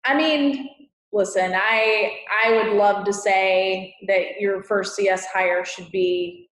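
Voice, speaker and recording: A woman's voice: medium pitch, steady tone, takes it slowly, fairly bright tone. Texan woman, emphatic, roomy sound. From Texas. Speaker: guest, customer success consultant. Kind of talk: podcast interview. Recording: roomy echo.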